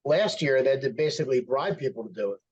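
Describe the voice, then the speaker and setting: Brief: raspy male co-host, dry quips, slightly dull lo-fi audio. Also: medium pitch, lively intonation, fast talker, a little mellow. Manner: short dry replies and wisecracks. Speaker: podcast co-host. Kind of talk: casual podcast chat. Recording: husky muffled lo-fi sound.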